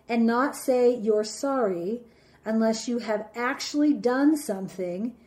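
A woman with a warm, fairly high voice gives a reflective teaching talk on relationships. She speaks in a measured, deliberate way, slowing down to emphasize points.

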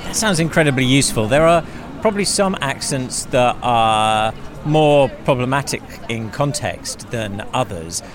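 A man's voice: medium pitch, lively intonation, measured pace, noisy background. A man hosting an improv podcast, narrating and interviewing in a curious, lightly playful way. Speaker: podcast host.

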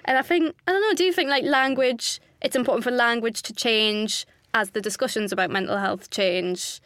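A young woman with a fairly high voice chats eagerly on a podcast and sprinkles her speech with "like". The recording is dry and close. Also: moderate pace, a bit bright, smooth, no room sound. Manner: enthusiastic, lots of "like" fillers. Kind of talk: casual podcast chat.

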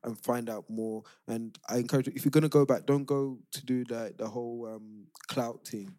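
A man's voice: mid-range voice, steady tone, moderate pace, warm tone, no room sound. A man with a London accent, co-hosting a podcast, giving earnest advice in casual chat and often restarting his sentences. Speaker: podcast co-host.

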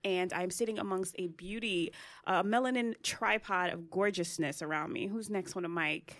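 A woman hosting a podcast, bubbly and animated in casual chat, dropping quick asides. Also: fairly low pitch, dry recording, clean studio sound. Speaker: podcast host.

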